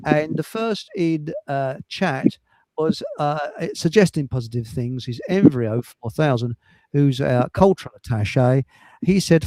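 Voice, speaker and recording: A man's voice: mid-range voice, expressive, unhurried, dark tone, no room sound, rough recording. A man hosting a livestream chat show, rambling and cheeky, swearing and laughing at his own jokes. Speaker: livestream host. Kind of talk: casual chat.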